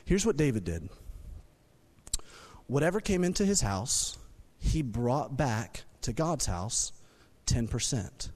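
Animated male pastor preaching. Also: takes it slowly, pauses often. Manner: animated preaching, rising loud when emphatic, dropping low for points. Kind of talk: sermon. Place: church sanctuary.

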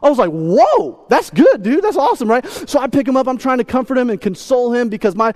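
Male pastor, 30s, high voice, lively and self-mocking storytelling. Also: fast. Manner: animated, self-deprecating, repeats words. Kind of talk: sermon storytelling.

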